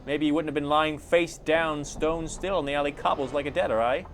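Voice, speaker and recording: A man voicing a sharp-tongued young female thief in a game reading, with a put-on folksy dialect. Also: a little high, steady tone, fairly quick, a little hiss or hum, voice pushed up. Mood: scornful.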